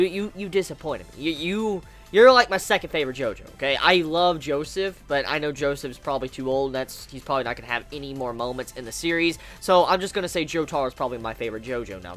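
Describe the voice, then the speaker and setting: Young reviewer, off-the-cuff rant, bouncy delivery with a crisp bright tone. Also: medium pitch. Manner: animated, rambling, swears freely. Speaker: anime reviewer. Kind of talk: casual spoken review.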